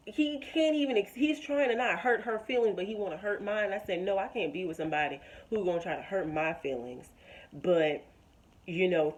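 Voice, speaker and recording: A young woman, talking straight to her viewers in a heartfelt, encouraging personal vlog. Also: fairly low pitch. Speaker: vlogger.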